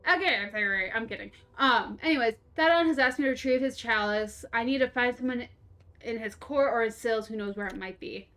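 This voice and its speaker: A woman's voice: fairly high pitch, fairly quick, a bit bright. A young woman streaming a game, rambling through a story in casual chat, laughing and swearing freely. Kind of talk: casual storytelling while playing.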